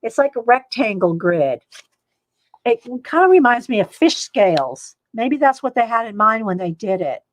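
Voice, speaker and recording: A woman chats her way through an art supply haul on a home live stream, rambling, full of fillers and small laughs. Her voice sits a bit high, and the sound is close and dry, with no room around it. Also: sing-song, normal speed, dry recording, rough recording. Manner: chatty, rambling, reads viewer comments aloud; frequent fillers and little laughs. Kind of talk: casual live-stream chat.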